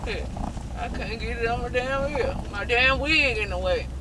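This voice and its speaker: A woman's voice: on the high side, moderate pace. A young woman in a couple vlog, playing a brash, profane, demanding persona from inside a car. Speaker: vlog host, fiancée. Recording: loud road noise inside a car.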